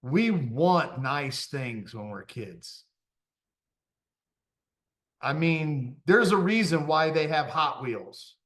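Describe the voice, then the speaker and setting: Male motivational coach, middle-aged, pitched a touch high, animated and self-deprecating, laughs easily. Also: extremely slow, pauses often. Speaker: confidence coach. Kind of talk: motivational talk.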